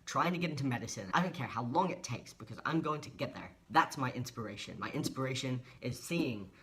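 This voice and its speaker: A man's voice: medium pitch, expressive, a little fast, a bit bright. Earnest young man vlogging. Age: 20s. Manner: earnest, heartfelt, emotional. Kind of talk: personal vlog monologue.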